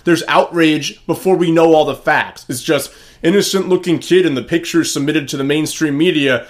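A man's voice: fairly high pitch, normal speed. A man hosting a casual political talk show, opinionated and rambling as he sets up topics. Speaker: host.

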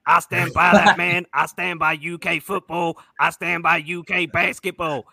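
A man voicing a boastful, rowdy Kentucky country man with a loud hollering twang. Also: fairly high pitch, level tone, moderate pace, gravelly, dry recording, exaggerated voice.

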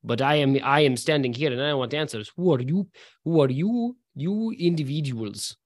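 A man voicing a demanding male gangster boss in a thick put-on Russian accent, halting and repetitive. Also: fairly high pitch, animated.

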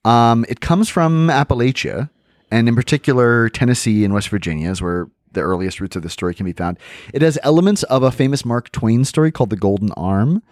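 A man hosting a podcast, reading a folk tale aloud with animated storytelling and chatty asides. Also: medium pitch, brisk, dry recording, studio quality.

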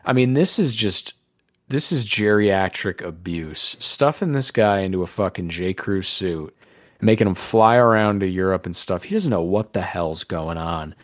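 A man's voice: low voice, normal speed, no room sound, clean studio sound. A man hosting a podcast in casual chat, crude, rambling and joking. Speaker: podcast host.

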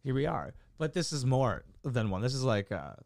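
A man rambles through a casual vlog chat about doing stand-up, full of fillers, restarts and casual swearing. His voice sits at an ordinary middle pitch. The sound is dry and close, with no room around it. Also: big pitch swings, moderate pace, vocal fry, a little mellow, no echo. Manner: rambling, profane, many fillers. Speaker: amateur stand-up comic.

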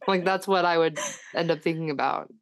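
A woman's voice: on the low side, moderate pace. A young woman hosting a casual chat, reading fan fiction aloud and often laughing. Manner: animated, laughs often, slips into silly character voices. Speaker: podcast co-host.

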